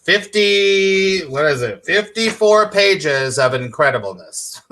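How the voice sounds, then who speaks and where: A man's voice: high-pitched, expressive, takes it slowly, bright, forceful tone, slight background noise. A middle-aged man, a spiritual teacher, teaching on a live stream with enthusiasm, repeating his points and quizzing viewers by name.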